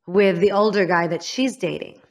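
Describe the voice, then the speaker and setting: A woman's voice: medium pitch, normal speed. A woman from Illinois, a guest in an interview, telling a frank personal story and often calling herself out. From Illinois, United States. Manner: frank, self-critical, acts out others' lines.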